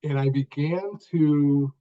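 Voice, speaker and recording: An older man tells his story as a podcast guest, speaking in short deliberate phrases and leaning on key words. His voice sits a little high for a man. The audio is dull and lo-fi, as if from a video call. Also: steady tone. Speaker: guest author.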